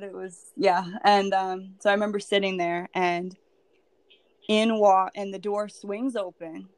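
A woman's voice: medium pitch, little pitch movement, unhurried, no echo. A woman sharing her personal story as a podcast guest, candid and emotional, with lots of "like" and "um.". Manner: candid and emotional, heavy with "like" and "um" fillers.

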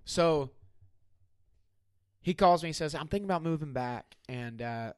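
A man's voice: on the high side, expressive, a little slow, smooth, no room sound, clean studio sound. A young man telling a personal story in casual chat, emphatic and full of "like" fillers.

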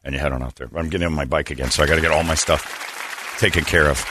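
Low-voiced fast-talking radio host. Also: male voice, fairly even intonation, crowd noise, noisy background. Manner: rambling, joking, self-correcting. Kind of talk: casual morning radio banter.

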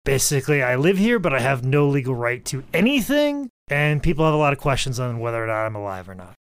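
A man's voice: medium pitch, big pitch swings, fast, smooth, no echo. A man co-hosting a comedic podcast, rambling through mock-serious rants. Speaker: podcast co-host.

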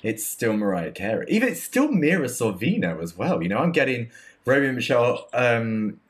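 A man's voice: medium pitch, very animated, normal speed. A man co-hosting a podcast, reviewing a film in casual, rambling chat with many restarts. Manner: chatty, rambling with restarts and laughs. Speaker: podcast co-host.

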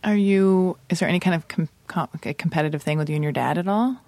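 A woman's voice: fairly low pitch, fast talker, a little mellow, dry recording. A woman hosting a casual interview, teasing her guest with rambling, playful questions. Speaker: host.

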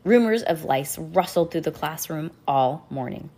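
A young woman with a low-sitting voice reads a children's chapter book aloud at home, unhurried, over a slight hiss or hum. She voices the characters animatedly and breaks off to chat and laugh with her child.

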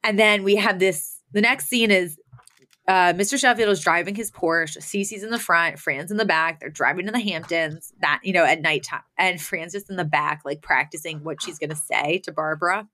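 A young woman recapping a sitcom episode with a friend in a loose, chatty way. Her voice is bright and clear, and she talks in an animated way, full of "like" and "you know". It sounds like friendly podcast talk. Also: on the low side, normal speed.

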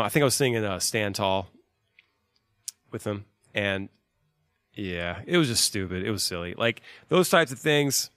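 A laid-back man in his thirties rambles through road advice with plenty of swearing. His voice sits on the low side. The sound is dry and close. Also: a bit bright, no echo. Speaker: touring band musician. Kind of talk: casual advice talk.

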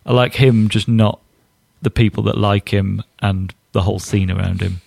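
Gravelly low man, dry wit. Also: steady tone, moderate pace, a little mellow, dry recording. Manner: dry, wry remarks. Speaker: podcast co-host. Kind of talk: casual chat.

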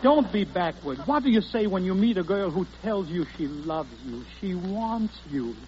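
A man doing quick, flustered, excitable comic patter as a guest on a 1940s radio comedy show, on a theater stage. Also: high voice, noisy background. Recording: dull old radio broadcast with music.

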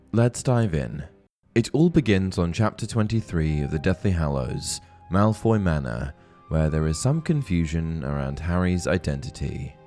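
A man hosting a fan theory video, giving measured, scripted narration. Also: deep voice, darkish tone. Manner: measured, explanatory. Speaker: host of a fan theory channel. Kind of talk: scripted narration and book reading.

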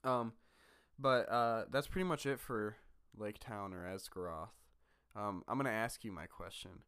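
A man's voice: on the low side, a little slow, fairly bright tone, smooth, dry recording, clean studio sound. A man co-hosting a podcast in casual chat, talking in a rambling, easygoing way full of fillers. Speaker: podcast co-host. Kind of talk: casual chat about a fantasy book.

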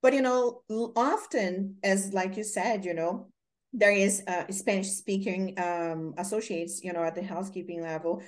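A woman's voice: mid-range voice, fairly even intonation, normal speed. A woman from Brazil with a Brazilian accent, hosting an interview and telling rambling stories full of fillers. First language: Portuguese. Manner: rambling storytelling with many fillers. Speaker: host. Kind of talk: casual interview chat.

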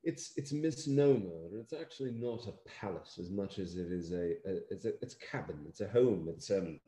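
An American man, an actor, chatting in an interview in a halting, rambling way with lots of fillers and dry humor. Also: deep voice, lively intonation, mellow, reverberant. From United States. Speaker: actor interviewed about a film. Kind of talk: casual interview chat.

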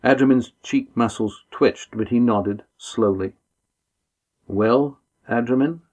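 A man narrating an audiobook in a calm, even storytelling manner. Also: on the low side, a little slow, dull audio. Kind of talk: scripted narration.

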